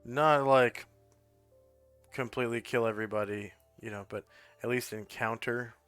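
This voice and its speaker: A man running a tabletop game as game master, explaining rules in a relaxed, casual way. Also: mid-range voice, moderate pace, clean tone, faint music behind.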